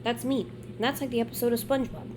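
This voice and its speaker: A woman in her twenties co-hosting a podcast in casual chat, playful and jokey, quick to laugh. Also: fairly high pitch, flat delivery. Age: 20s. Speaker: podcast co-host.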